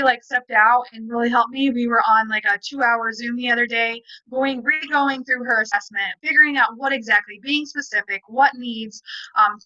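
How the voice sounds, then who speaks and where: Woman on a video call, super bright voice, kinda high, dry sound, rambles and acts out convos. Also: no room sound, rough recording. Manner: rambling, emphatic, retelling dialogue. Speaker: parent and guest. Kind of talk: casual conversation.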